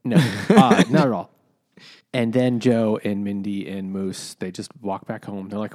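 A young man co-hosting a comedy podcast, recounting things in a rambling, halting way with lots of fillers. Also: on the low side, steady tone, a little mellow, no room sound, studio quality. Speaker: podcast co-host. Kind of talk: casual comedic chat.

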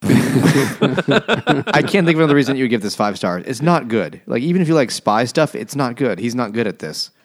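A man's voice: medium pitch, big pitch swings, moderate pace. A man co-hosting a casual podcast, making dry, wry quips. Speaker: podcast co-host. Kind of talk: casual chat, joking banter.

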